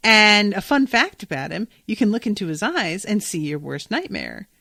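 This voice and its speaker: A woman's voice: medium pitch, huge pitch swings, normal speed, gravelly, sharp tone, no echo. A woman hosting a podcast, casually recapping a cartoon episode, chatty and swearing freely as she acts out the characters' lines. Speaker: podcast host.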